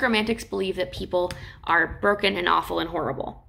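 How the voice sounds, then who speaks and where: Chatty woman teacher with vocal fry. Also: on the low side, sharp tone. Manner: chatty, retells stories with quick acted quotes. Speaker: literature teacher. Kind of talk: casual classroom lecture.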